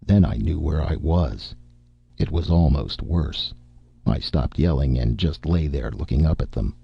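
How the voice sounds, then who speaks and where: A man's voice: a bass voice, animated, a little slow, creaky, slightly rough, no echo. A man reading a first-person story aloud with an intense, brooding delivery. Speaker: narrator. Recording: muffled lo-fi recording.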